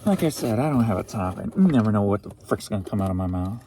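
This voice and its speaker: A man's voice: on the low side, animated, quick pace, very noisy. A man who resells online, chatting through his recent sales in a goofy, rambling way with jokey asides. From St. Louis area, USA. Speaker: eBay reseller. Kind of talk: casual rambling sales recap.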